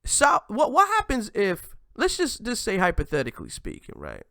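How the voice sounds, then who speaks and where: Animated man ranting into a dry mic. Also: high voice, moderate pace, gravelly, no room sound. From United States. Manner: animated, repeats "man" at ends of lines, frequent restarts. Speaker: host. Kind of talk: casual commentary monologue.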